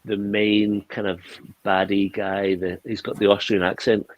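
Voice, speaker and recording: A man's voice: on the low side, level tone, a little slow, echoey room, highs cut off. A man in an easygoing podcast chat. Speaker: podcast co-host. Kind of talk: casual chat.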